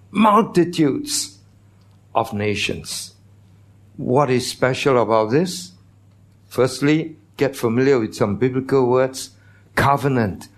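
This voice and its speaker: A man preaching a sermon as pastor, teaching, asking the congregation questions, with non-native phrasing. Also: on the high side.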